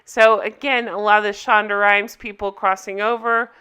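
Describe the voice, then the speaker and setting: Woman vlogger, TV reviews, casual to-camera chat; bright and crisp, expressive, laughs easily. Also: mid-range voice, moderate pace. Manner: chatty and expressive, laughs often.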